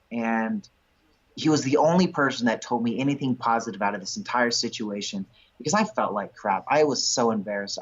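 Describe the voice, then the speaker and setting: A man in his thirties, a guest in an interview, telling stories in an animated way and acting out what others said. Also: mid-range voice, husky. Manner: animated storyteller who acts out quotes. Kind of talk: storytelling in an interview. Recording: dull lo-fi recording.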